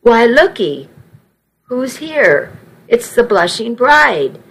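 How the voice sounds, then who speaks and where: A woman's voice: on the high side, animated, slow pace, a bit bright, low-quality recording. A woman voicing an elderly grandmother in a nursing home, fond and teasing. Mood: doting. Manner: fond, teasing, old-fashioned.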